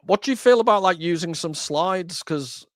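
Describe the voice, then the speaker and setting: A man's voice: sits high, expressive, moderate pace, dry recording, clean studio sound. A man hosting a podcast, chatting casually in a wry, joking, rambling way. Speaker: podcast host. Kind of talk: casual conversation.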